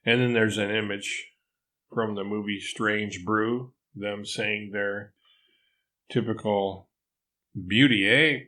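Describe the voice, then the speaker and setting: An older man with a slightly low voice reads his programming lesson aloud at a measured pace. He breaks off now and then for dry, wry asides. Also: little pitch movement, sharp tone. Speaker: newsletter author reading his programming lesson. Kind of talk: reading a written lesson aloud with spoken asides.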